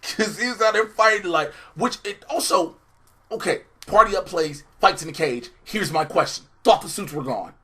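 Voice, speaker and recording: Guy with kinda high voice doing a funny review chat, animated and cussing a lot. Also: normal speed. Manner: animated, profane storytelling with acted-out quotes. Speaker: co-host of a TV episode review show. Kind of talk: casual comedic review chat.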